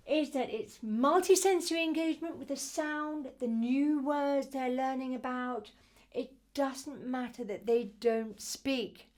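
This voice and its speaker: Gentle and sing-song, with a slightly high voice, a middle-aged woman who teaches early years music playfully walks through activities for babies.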